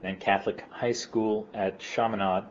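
A man in his sixties with a mild Long Island New York accent, reminiscing casually in an interview, relaxed and rambling with fillers. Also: fairly low pitch, normal speed. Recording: slightly dull recording with faint room ambience.

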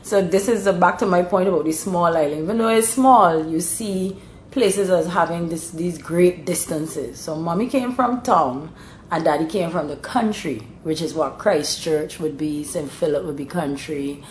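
A woman's voice: lowish voice, moderate pace, slight background noise. Barbadian woman explaining in a roomy space. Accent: Bajan (Barbadian). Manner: explains patiently, bursts brighter when mimicking local speech. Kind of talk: casual explanatory chat. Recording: roomy echo.

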